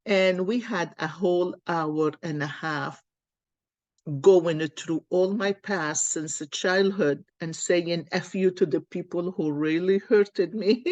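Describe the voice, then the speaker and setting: A woman's voice: fairly low pitch, fairly even intonation, slow pace, dry recording, muffled recording. A woman card reader telling a personal story in a casual, earnest, encouraging way.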